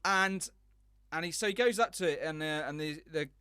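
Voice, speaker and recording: A man's voice: fairly high pitch, moderate pace, pushed and bright, clear, resonant tone, no room sound, studio quality. A man hosting a podcast, chatting casually and telling rambling stories with enthusiasm. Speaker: podcast host. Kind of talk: casual chat.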